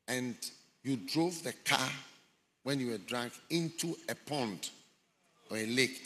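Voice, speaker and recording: A man's voice: mid-range voice, pushed and bright, slight background noise. A man preaching a sermon, retelling a story dramatically and acting out the voices of people in it. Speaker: bishop preaching. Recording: long hall reverb.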